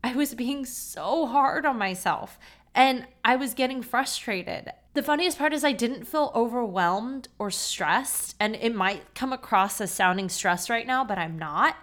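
A woman's voice: fairly high pitch, lively intonation, a bit bright. A woman in her thirties hosting a podcast, talking off the cuff in a candid, chatty way full of "like". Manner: candid, quick and chatty with many "like"s. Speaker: podcast host. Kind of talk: unscripted solo podcast talk.

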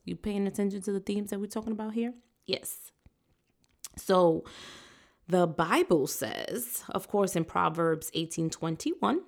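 A woman's voice: fairly low pitch, measured pace, vocal fry, a little mellow. A woman hosting a solo podcast, talking to listeners with uplifting, preacher-like encouragement. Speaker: podcast host.

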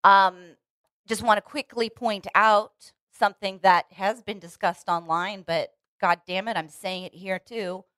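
A woman's voice: mid-range voice, fairly even intonation, measured pace, a bit bright, clean tone, no echo. A woman co-hosting a casual podcast chat, earnest and opinionated, restarting her sentences often. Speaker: podcast co-host. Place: Los Angeles.

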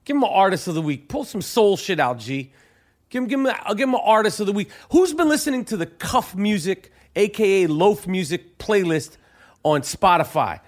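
A man with a New York accent hosts a podcast in loose, rambling chat. His voice sits high for a man, and he stammers through restarts and swears freely. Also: animated, brisk. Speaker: podcast host.

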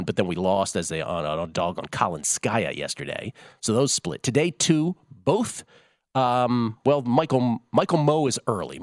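A man's voice: mid-range voice, no room sound, studio quality. A man hosting a sports betting show, chatting casually with rambling asides.

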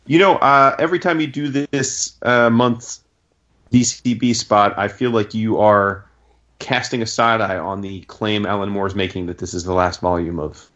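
A man's voice: lowish voice, steady tone, normal speed, fairly bright tone. A man teasing his co-hosts wryly in a casual podcast chat. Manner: teasing, wry. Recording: dull lo-fi sound.

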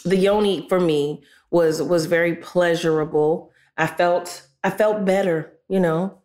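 A woman co-hosting a casual chat, talking slowly and earnestly and filling her talk with "you know". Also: lowish voice, steady tone, darkish tone. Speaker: co-host.

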